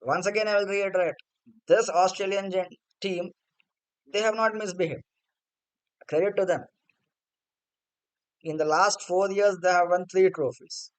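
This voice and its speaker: A man's voice: high voice, fairly even intonation, moderate pace, long pauses, clean tone, rough recording. A man giving a blunt, sarcastic opinion rant as a cricket vlogger. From India.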